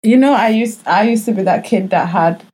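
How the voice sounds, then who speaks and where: A woman's voice: medium pitch, moderate pace, a little mellow, husky. A young woman co-hosting a podcast, telling anecdotes in casual chat, teasing and laughing. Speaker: podcast co-host.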